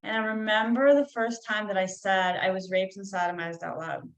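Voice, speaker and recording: A woman's voice: medium pitch, fairly even intonation, normal speed, roomy sound, low-quality recording. A woman, a healer guest on a podcast, telling a personal story in a casual, chatty way with many "like" and "you know" fillers.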